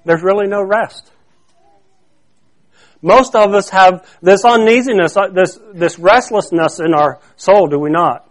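A man with a notably high voice delivers a sermon as a pastor in a church. He keeps it conversational, often doubling back on his own phrases and pausing to ask the congregation to call out the missing word. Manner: conversational preaching, quizzes the congregation to fill in words; repeats and restarts phrases.

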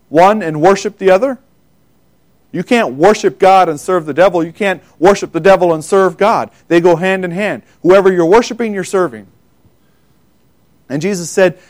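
Man preaching, sermon, fairly high voice, emphatic, quotes scripture with force. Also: animated. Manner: pauses and self-corrects, loses place in notes.

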